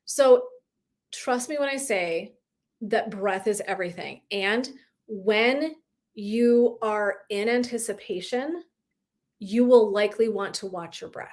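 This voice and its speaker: A woman's voice: mid-range voice, takes it slowly, a little mellow. A woman in her thirties, a wellness coach, talking casually and animatedly on a live video, swearing lightly and laughing often. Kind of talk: casual live-stream talk.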